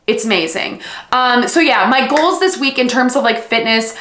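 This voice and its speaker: Gushing high-voiced young woman vlogger. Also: lively intonation, moderate pace, fairly bright tone, roomy sound, slight background noise. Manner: gushing, filler-heavy. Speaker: book vlogger. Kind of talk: casual vlog chat and unboxing.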